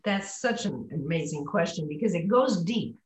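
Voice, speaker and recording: A woman's voice: lowish voice, animated, moderate pace, roomy sound, poor audio. A woman working as a voice and pronunciation coach, explaining on a group call and modeling words aloud.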